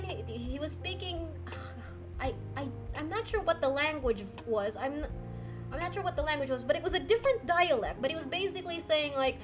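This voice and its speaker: A woman's voice: high-pitched, normal speed, music in the background. A young woman, casually telling a story on her livestream and answering chat, laughing often as she talks. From Philippines. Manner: giggly, lively, laughs often mid-sentence. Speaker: streamer.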